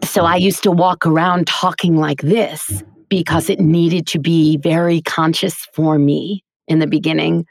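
A woman's voice: deep voice, measured pace, creaky, hardly any pauses, dry recording, studio quality. A middle-aged woman from Queens with a faint New York accent, a voice actor and teacher telling stories in a casual interview and laughing often. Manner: chatty, animated storyteller, laughs often.

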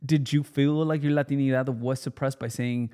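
A man's voice: medium pitch, fairly even intonation, normal speed, mellow. A man hosting a casual podcast interview, asking thoughtful questions between short encouraging replies. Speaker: podcast host.

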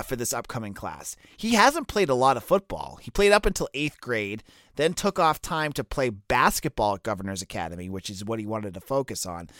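A man's voice: medium pitch, a bit bright, no echo, studio quality. A man with a Boston accent giving casual solo commentary as a college football recruiting analyst, talking loosely with fillers and restarts. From Boston area. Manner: conversational, many fillers and restarts.

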